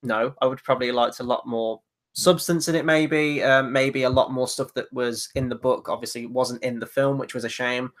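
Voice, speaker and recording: A man's voice: mid-range voice, fairly even intonation, moderate pace, fairly bright tone. A man hosting a casual film review, conversational and wry.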